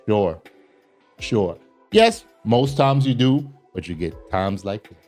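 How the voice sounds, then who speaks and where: A man's voice: fairly low pitch, expressive, slow pace, a little mellow, faint music behind. A man hosting a reaction video, talking casually and emphatically with slang as he comments on news clips. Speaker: commentary host.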